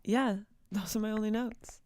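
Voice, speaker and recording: Giggly soft-spoken woman co-host, dry sound. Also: medium pitch, steady tone, moderate pace, dry recording. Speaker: co-host taking notes. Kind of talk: casual podcast chat.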